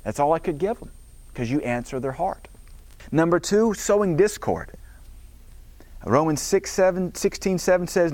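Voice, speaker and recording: A man's voice: fairly high pitch, animated, measured pace, darkish tone, no room sound. A middle-aged man preaching a sermon as pastor, emphatic, with a preacherly cadence as he quotes scripture.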